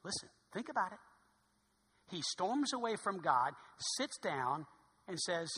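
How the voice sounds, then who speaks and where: A man, a pastor preaching a sermon in a church sanctuary, swinging from loud exclamations to hushed tones. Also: high-pitched, sing-song, measured pace, breathy edge. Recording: long hall reverb.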